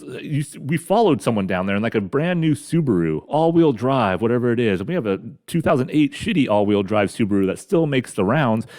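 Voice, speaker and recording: A man's voice: mid-range voice, a little mellow. A middle-aged man grumbling through a profane, rambling comedic rant as a podcast host, talking carefully after mouth surgery. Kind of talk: ranting comedic monologue.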